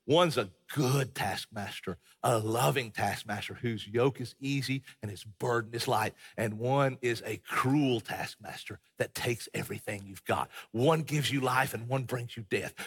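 A man's voice: medium pitch, a bit bright, slightly rough. A man preaching a sermon in a church, emphatic and conversational, with many restarts. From American South. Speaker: pastor. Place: church sanctuary. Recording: long reverb of a large hall.

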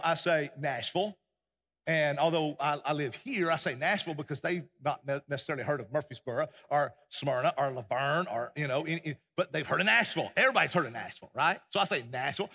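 Husky preacher in a reverberant church. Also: male voice, on the high side, fast talker, sharp tone. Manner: impassioned, many restarts and repeated words. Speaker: pastor. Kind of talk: sermon. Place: church sanctuary. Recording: long hall reverb.

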